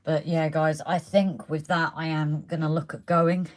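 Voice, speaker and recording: Hobby live-stream host: a low-pitched woman who chats casually while she works and is losing her voice. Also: flat delivery, moderate pace. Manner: chatty, talks while working, reads out viewer comments. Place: indoors at a model railway layout.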